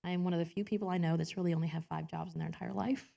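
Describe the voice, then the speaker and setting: A woman's voice: lowish voice, fairly even intonation, rapid-fire, gravelly, dark tone. A woman preaching a personal sermon in a church, chatty and self-deprecating, laughing often and acting out quotes in different voices.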